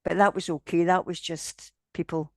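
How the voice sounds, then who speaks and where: A woman's voice: lowish voice, normal speed, dry recording. A woman, telling a long story in an interview and acting out the people in it. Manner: animated storyteller, voicing the people in her tale. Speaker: interviewee, paranormal investigator.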